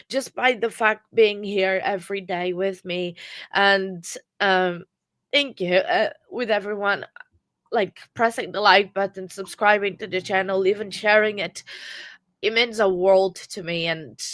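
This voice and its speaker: A sad woman close to tears, hosting a casual true crime live stream in a subdued, monotone way. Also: mid-range voice, no room sound. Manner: subdued, self-described monotone delivery. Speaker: true crime livestream host.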